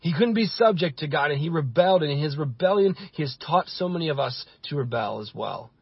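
A husky, fairly high-voiced man preaches a sermon, driving his points home with rhythmic repetition. The recording is dry and dull, like lo-fi church audio. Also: animated, brisk, no echo. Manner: impassioned preaching with repeated phrases. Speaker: pastor.

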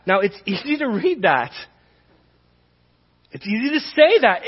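Pastor guy preaching, high-ish husky voice, echoey hall, kinda muffled sound. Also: big pitch swings, a little slow, pauses often. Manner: impassioned, rising to emphatic peaks, conversational asides. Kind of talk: sermon. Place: church sanctuary. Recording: dull reverberant church hall.

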